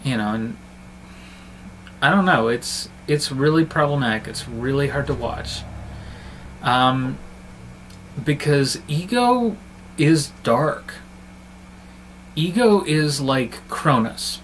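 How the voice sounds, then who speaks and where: A man reviewing a film in a relaxed vlog, his pitch sitting in an ordinary middle range. He talks in a chatty, affectionate way, often circling back and restarting his sentences. A faint noise hums under the recording. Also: slow pace, pauses often, rough recording. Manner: chatty, fond and rambling, with frequent restarts.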